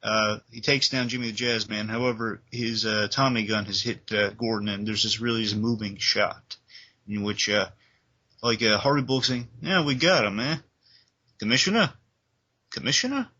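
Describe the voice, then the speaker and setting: A man's voice: fairly low pitch, flat delivery, normal speed, bright, forceful tone, dull audio. A man in a casual review chat, enthusiastically retelling scenes and humming music cues. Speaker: co-host.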